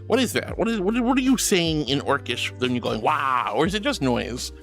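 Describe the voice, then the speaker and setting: A man's voice: on the high side, normal speed, gravelly, faint music behind. A man streaming a casual chat, reading viewer messages and answering them in a gushing, affectionate way. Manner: gushing and affectionate, calls viewers sweetie and honey; excitable, gasps and laughs often.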